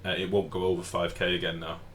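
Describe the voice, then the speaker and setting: A man with a low voice, talking through a live game stream in a loose, chatty way and answering viewers as he plays. He swears casually, and faint street sounds drift in from an open window. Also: completely flat delivery, fast talker, fairly bright tone. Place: home room with the window open. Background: faint outdoor street noise.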